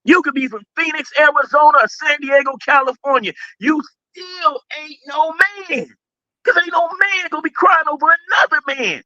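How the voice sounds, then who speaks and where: High bright guy ranting loud and mocking, dull dry stream sound. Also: dry recording. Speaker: co-host. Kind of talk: casual commentary chat.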